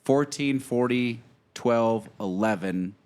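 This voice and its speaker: A man's voice: mid-range voice, takes it slowly, a little mellow, smooth. A man in casual chat reviewing whiskey, wry and teasing, running the scoring.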